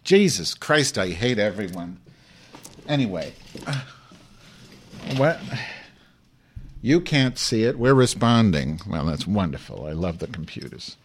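A man's voice: on the low side, sing-song, a little slow, long pauses, husky, exaggerated voice. A man playing a brash, foul-mouthed Jewish woman who hosts a live online show, ranting and rambling in improvised comedy. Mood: grumbling. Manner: profane, abrasive, rambling rants.

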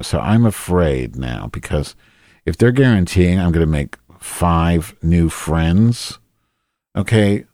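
A man's voice: low voice, dark tone, dry recording, clean studio sound. A man hosting a solo podcast in a rambling, profane, self-deprecating monologue. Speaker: podcast host.

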